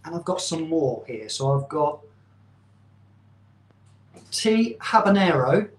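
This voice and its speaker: With big pitch swings in a slow voice on the high side, this man hosts his channel's casual live stream. He's chatty, rambling and self-deprecating, and the room gives the audio an echo.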